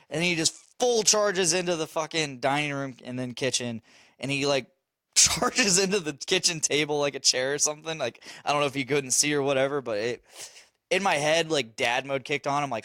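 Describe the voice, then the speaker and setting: A man's voice: fairly high pitch, a little fast, pushed and bright, no echo. A man telling a parenting story on a casual podcast, swearing and laughing as he goes. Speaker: podcast host; father.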